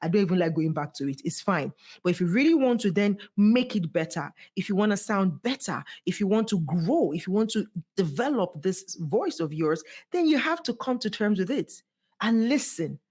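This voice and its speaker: A woman guest on a podcast, speaking as a voice coach in an animated, emphatic way, swooping high to stress her points. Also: normal speed, breathy edge. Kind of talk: motivational podcast conversation.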